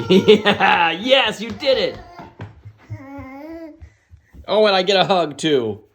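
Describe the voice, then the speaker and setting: A man's voice: high-pitched, sing-song, slow pace, a bit bright, a little hiss or hum. A father filming a family vlog, talking to his young sons in a playful, affectionate, encouraging way. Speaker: father and vlogger. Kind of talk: casual family vlog chat.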